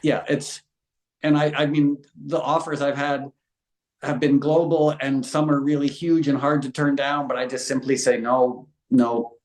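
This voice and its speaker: A man's voice: a little high, flat delivery, normal speed. Earnest middle-aged man in a roomy space. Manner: earnest, impassioned and frank. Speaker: guest. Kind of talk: conversational interview. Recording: roomy echo.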